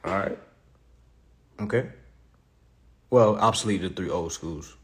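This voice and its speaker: A man's voice: low-pitched, slow pace. A man teaching credit and consumer law in a casual live class. He jokes, swears a lot and keeps calling out to his audience. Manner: profane, joking, animated, addresses the audience as y'all.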